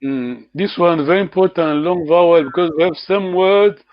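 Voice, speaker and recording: A man's voice: high-pitched, normal speed, muffled recording. A man teaching a language class online, patiently correcting his students' pronunciation.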